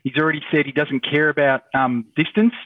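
A man's voice: fairly high pitch, fairly even intonation, fairly quick. A man co-hosting a podcast, talking in an offbeat, joking way over a remote call. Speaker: podcast co-host. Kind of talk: casual podcast chat. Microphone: remote video call. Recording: tinny distant call audio.

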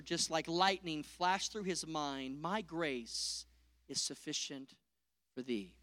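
A middle-aged man preaching a sermon, swinging from loud peaks to hushed lines and calling out to the congregation. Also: on the high side, smooth, no echo, clean studio sound. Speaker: pastor.

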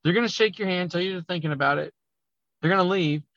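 A man talking loudly and emphatically as a business coach in a conversational podcast interview. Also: sits high, fast talker, no room sound, dull audio. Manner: loud, emphatic, animated talker. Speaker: auto repair business coach.

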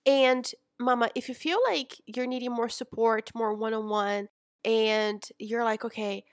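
A young adult woman coaching in a chatty, animated way, calling her listener mama and sis. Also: fairly high pitch, measured pace, no room sound, studio quality. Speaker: business coach. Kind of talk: casual coaching talk.

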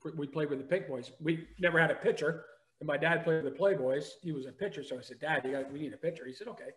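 A man's voice: fairly high pitch, fast, fairly bright tone. A man guest reminiscing in rambling casual conversation. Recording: roomy echo.

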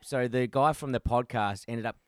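A man's voice: medium pitch, normal speed, no echo, studio quality. A man co-hosting a podcast over a video call, telling rambling stories in casual chat and swearing freely. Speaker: podcast co-host. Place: attic in a house.

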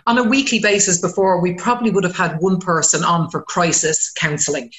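A woman's voice: on the low side, fairly quick, roomy sound. A woman, a community counsellor talking frankly in casual chat and swearing when she gets worked up. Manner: frank and animated, swears freely.

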